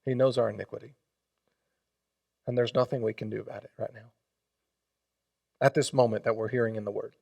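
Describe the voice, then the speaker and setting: A man preaching a sermon as pastor, emphatic, swinging between loud and hushed and leading the congregation in call and response. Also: mid-range voice, steady tone, brisk, gravelly, pauses often.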